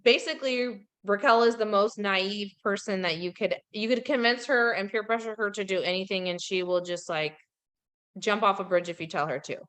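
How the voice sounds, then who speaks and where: Woman, podcast host, casual gossip, animated, smooth clear voice. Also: medium pitch, normal speed. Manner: animated gossipy storytelling with giggles. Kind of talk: casual pop culture chat.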